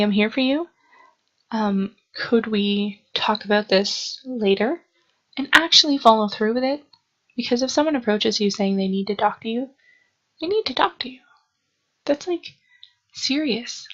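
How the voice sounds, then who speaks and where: A young woman talks unscripted to her camera, earnest and a bit sleepy, stopping and restarting her thoughts. Her voice has a gravelly fry to it, and the recording sounds dull and muffled. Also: mid-range voice, a bit bright. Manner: earnest, halting, with frequent ums and restarts. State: sleepy, yawning. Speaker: vlogger. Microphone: camera mic.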